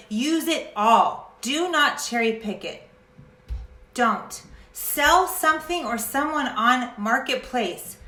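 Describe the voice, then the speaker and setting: A woman talking straight to her viewers with a fairly high, bright, sharp voice. She is chatty and passionate, and she slips into ranting now and then. The room around her sounds echoey. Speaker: essential oils educator. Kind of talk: casual vlog talk to camera.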